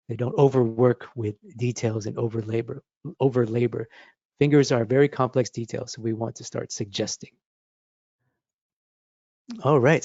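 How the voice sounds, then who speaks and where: A man in his forties leads a drawing lesson with mellow, warm enthusiasm, repeating key words for emphasis and punctuating with playful sound effects. The recording is dry and a touch dull, with no room around the voice. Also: mid-range voice, no room sound. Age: 40s. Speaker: art instructor. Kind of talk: drawing lesson with live demonstration.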